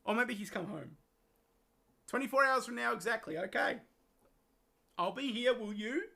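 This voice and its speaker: Game master host, casual and laughing, gravelly tone. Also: female voice, fairly high pitch, lively intonation, unhurried, pauses often, fairly bright tone. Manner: laughing, teasing, rambling. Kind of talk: casual stream sign-off chat.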